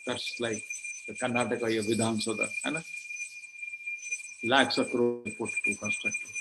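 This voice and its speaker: A man with an Indian accent giving a sermon on scripture, telling stories, acting out little dialogues and asking rhetorical questions. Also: medium pitch. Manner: storytelling, acts out dialogues, asks rhetorical questions. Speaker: scripture lecturer. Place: temple hall. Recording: noisy livestream recording.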